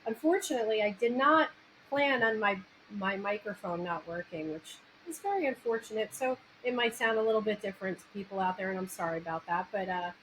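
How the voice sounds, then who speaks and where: A woman from the New York area with a New York Italian accent hosts a casual interview, speaking a little fast in an expressive, medium-pitched, fairly bright voice. She talks animatedly and restarts sentences, captured on a low-quality backup mic with faint background noise.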